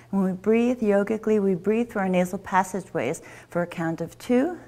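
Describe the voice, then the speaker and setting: A woman teaching a yoga class, giving gentle, encouraging step-by-step instructions. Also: medium pitch, normal speed.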